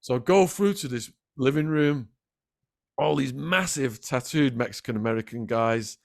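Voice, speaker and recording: A man with an English accent telling a gritty crime story in an animated way, acting out the voices of the people in it and swearing freely. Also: medium pitch, moderate pace, creaky. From England. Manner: lively, acts out quoted voices, swears freely. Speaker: guest storyteller.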